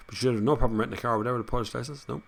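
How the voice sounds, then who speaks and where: A man's voice: medium pitch, fairly even intonation, rapid-fire, gravelly. An Irish man hosting a casual live chat, reading out viewer comments and rambling on between them with frequent laughs. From Ireland. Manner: chatty, rambling, laughs often.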